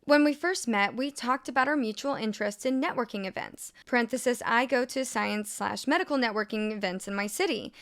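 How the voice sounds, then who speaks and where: A woman's voice: a little high, brisk, hardly any pauses, a bit bright. A woman hosting a reading show who reads posts aloud and comments with sarcasm, laughing often. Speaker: host reading online posts.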